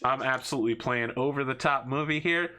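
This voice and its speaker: A man narrating a tabletop war game as game master, animated and joking as he describes scenes. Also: medium pitch, brisk. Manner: animated, jokey storytelling.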